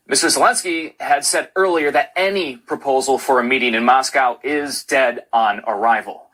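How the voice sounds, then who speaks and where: Male news anchor, scripted broadcast read, bright, husky edge. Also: mid-range voice, rough recording. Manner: crisp, measured news delivery.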